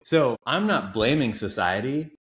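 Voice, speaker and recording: A man in his thirties, a coach appearing as a podcast guest, speaks at medium pitch and an unhurried pace. He tells stories earnestly, with emphasis and animation, in a casual interview conversation. The recording has a roomy echo.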